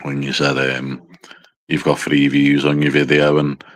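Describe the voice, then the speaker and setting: A man's voice: a bass voice, monotone, measured pace. A man with a mild northwest English accent from near Liverpool, hosting a casual livestream with dry, self-deprecating teasing and swearing. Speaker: livestream host. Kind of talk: casual banter to a small live chat.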